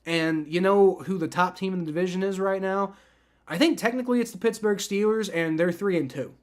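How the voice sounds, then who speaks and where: A man's voice: sits high, fairly quick. A man hosting a live football reaction stream, talking casually and rambling, with frequent restarts and swearing. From family from the American South. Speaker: livestream host.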